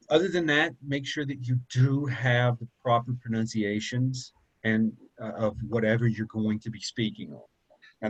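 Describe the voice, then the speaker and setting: A man's voice: medium pitch, rough recording. A man teaching a public speaking class in a casual, conversational way, often checking in with "okay?" and "right?". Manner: conversational, repeats points, asks okay and right. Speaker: college public speaking instructor.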